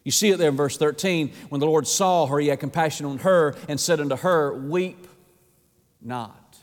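Preacher guy, high voice, fired up then goes quiet, echo of a big church hall. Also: a little fast. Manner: impassioned, repeats words, swings between hushed and rising. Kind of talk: sermon.

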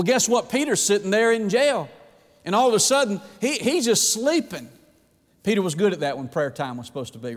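Brief: pastor, man, animated pulpit delivery, high voice, long church-hall reverb. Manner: animated preaching, dramatizing quoted prayers. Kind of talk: sermon.

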